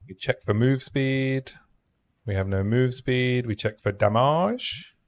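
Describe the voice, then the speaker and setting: A man's voice: mid-range voice, takes it slowly. A man streaming a game in a casual, chatty way, thinking aloud and reading out item stats as he plays. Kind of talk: casual gaming stream commentary.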